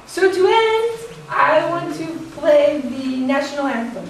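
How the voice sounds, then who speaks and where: An American woman teaching English, giving a slow, deliberate classroom presentation and laughing lightly between points. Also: high voice, big pitch swings, heavy reverb, recorded from a distance, crowd noise, rough recording. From United States.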